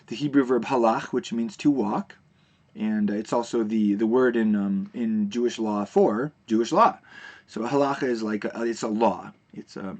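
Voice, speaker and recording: A man teaching a recorded video lesson, explaining terms in a relaxed way with frequent fillers and restarts. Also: on the low side.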